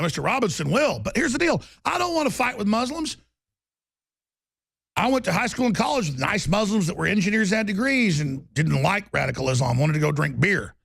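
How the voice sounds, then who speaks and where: A male talk show host delivering a loud, rambling monologue with a gravelly voice, bursting into shouting. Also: a little high, dry recording. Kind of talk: ranting monologue.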